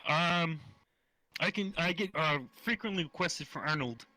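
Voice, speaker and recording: A man's voice: a little high, unhurried, sharp tone, low-quality recording. A man guesting on a casual talk show as a voice impressionist, answering in a laid-back, easily amused way. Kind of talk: casual chat.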